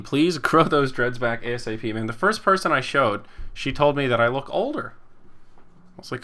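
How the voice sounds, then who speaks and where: A man's voice: mid-range voice, animated, moderate pace, bright, forceful tone. A man in his twenties hosting a casual podcast, rambling and chuckling as he reads viewer comments and acts out the people he quotes. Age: 20s. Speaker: podcast host and esports caster. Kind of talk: casual chat reading live chat.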